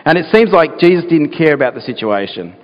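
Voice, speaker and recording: A man's voice: on the high side, sing-song, brisk. A man preaching a sermon as pastor, earnest and talking through rhetorical questions to his listeners. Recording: dull sound with long hall reverb.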